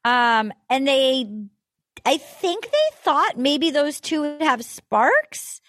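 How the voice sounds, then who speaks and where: A woman hosting a casual chat, telling stories in a gushing, animated way. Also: sits high, slow pace. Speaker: podcast host.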